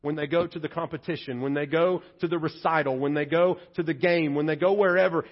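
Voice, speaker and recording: High-voiced pastor, husky and conversational. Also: male voice, muffled recording. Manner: conversational, playful, acts out quotes in funny voices. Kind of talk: sermon.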